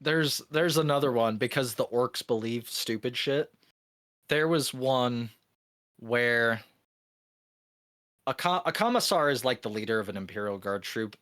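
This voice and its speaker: A man co-hosting a gaming podcast, telling a long joke with lively energy, swearing freely and laughing often. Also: mid-range voice. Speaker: podcast co-host. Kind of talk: casual podcast chat.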